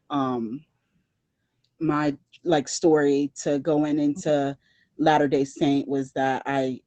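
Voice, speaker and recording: A woman guest talking casually in an interview, rambling with lots of fillers and restarts, and turning animated when she quotes herself. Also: deep voice, no echo. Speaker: podcast guest.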